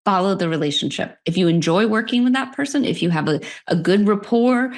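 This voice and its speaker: A middle-aged woman, a workplace expert, talking as a podcast guest, animated and quick to laugh. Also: mid-range voice. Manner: animated, laughs often, speaks in quick bursts. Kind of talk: conversational interview.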